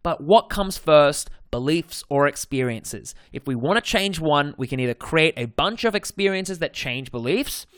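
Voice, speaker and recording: A man's voice: fairly high pitch, lively intonation, normal speed, hardly any pauses, dry recording, studio quality. A man with an Australian accent, a dating coach hosting his podcast in a casual monologue, stressing and repeating his key points with frequent self-corrections.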